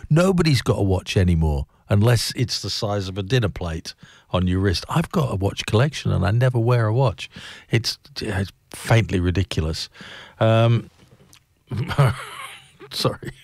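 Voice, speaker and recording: A man hosts a morning radio show from a studio, rambling in a loose, self-mocking way. His voice sits a little low and sounds close and dry on the mic, with no room around it. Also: dry recording. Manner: chatty and self-mocking, chuckles at himself. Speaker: radio breakfast show host. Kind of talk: casual radio banter.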